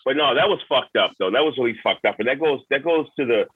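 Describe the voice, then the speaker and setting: A man's voice: medium pitch, animated, quick pace, slightly rough, no echo. A man in casual chat, blunt and crude, joking with his friends. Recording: dry, tinny phone-like sound.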